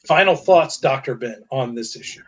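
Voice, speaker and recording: Brief: husky male host, sardonic, lively pitch, comic chat. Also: unhurried. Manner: sardonic, swears, stammers. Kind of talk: casual comic review chat.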